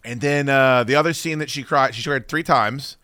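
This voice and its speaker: Male podcast host, bright and lively, swears freely, dry close mic. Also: medium pitch, normal speed, no echo. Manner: animated, swears a lot, acts out quotes loudly. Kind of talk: casual profane chat.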